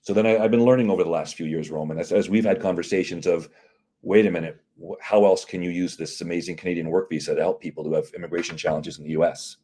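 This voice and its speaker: An American CEO of an immigration and employment firm, appearing as a guest, recounts his business story in a relaxed, conversational interview. His lowish, mellow voice has a breathy edge and moves at a quick pace. He slips into quoted back-and-forth, playing the other people's lines with lively energy.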